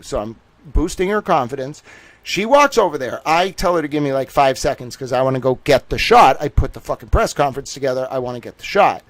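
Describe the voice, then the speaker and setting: A man telling a story on his stream in a profane, animated way, acting out the voices of the people in it. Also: medium pitch, brisk, no room sound, rough recording. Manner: animated, swearing, acts out quoted voices. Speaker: streamer host. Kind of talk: profane casual storytelling monologue.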